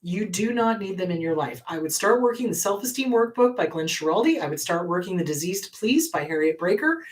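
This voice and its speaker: A woman's voice: lowish voice, expressive, brisk, recorded from a distance. A woman therapist hosting an advice show, answering viewer questions in a blunt, emphatic way and repeating her key advice.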